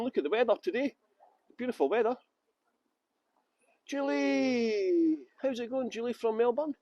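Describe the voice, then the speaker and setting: Walking city streets outdoors on a livestream, a West Yorkshire man from Halifax, England, works as a tour guide and jokes with viewers, addressing them by name. He has a very high, mellow voice, and there's no room sound.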